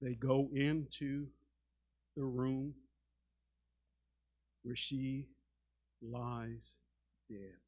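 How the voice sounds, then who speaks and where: A man preaching a sermon as a pastor, dramatic, shifting between loud and hushed delivery and often repeating words as he starts a sentence. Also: mid-range voice, steady tone, drawn-out words, long pauses. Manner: dramatic, acts out quoted voices, swings between loud and hushed.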